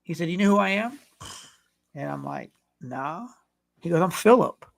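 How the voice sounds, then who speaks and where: A man's voice: a little high, expressive, normal speed, gravelly. A man co-hosting a podcast, telling a rambling, profane story in casual chat. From California. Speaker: podcast co-host.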